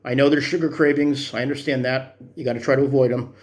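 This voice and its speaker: A man's voice: mid-range voice, steady tone, quick pace, a little mellow. A man in his fifties talking through his workout progress in a vlog, earnest and encouraging in a rambling way. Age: 50s. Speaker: vlogger. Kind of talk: motivational fitness vlog.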